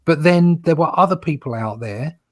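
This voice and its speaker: A man's voice: on the high side, lively intonation, normal speed, no echo, clean studio sound. A man co-hosting a casual comics podcast, rambling and repeating words as he makes his points. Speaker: co-host.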